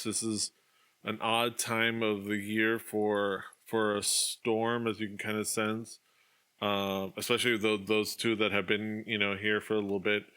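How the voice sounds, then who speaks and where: A man's voice: lowish voice, pushed and bright, clean tone. A man narrating a tabletop game as game master, rambling with many fillers over an online call, on a dull lo-fi recording. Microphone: online call mic. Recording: dull lo-fi stream audio.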